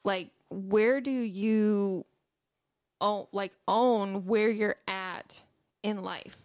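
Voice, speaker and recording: A woman's voice: mid-range voice, steady tone, drawn-out words, darkish tone, dry recording, studio quality. A woman co-hosting a parenting talk show, laughing easily and murmuring agreement. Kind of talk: casual chat.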